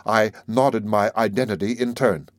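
A man giving a measured, even literary narration of a classic novel as an audiobook reader. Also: fairly low pitch, no echo, studio quality.

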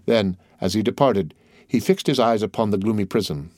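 Measured man narrating a classic novel. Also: lowish voice, darkish tone, dry recording, studio quality. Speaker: audiobook narrator. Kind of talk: scripted narration.

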